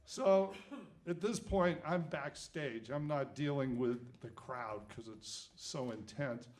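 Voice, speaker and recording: A man in his sixties from New England, a music executive telling a lively anecdote with chuckles and casual fillers. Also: mid-range voice, slow pace. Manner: lively storyteller, chuckles, many "you know" fillers. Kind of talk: storytelling anecdote.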